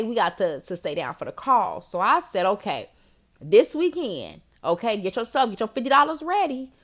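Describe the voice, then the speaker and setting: A young woman hosting a podcast and coaching listeners in a casual, animated, slangy monologue with frequent laughter. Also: mid-range voice. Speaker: podcast host and life coach.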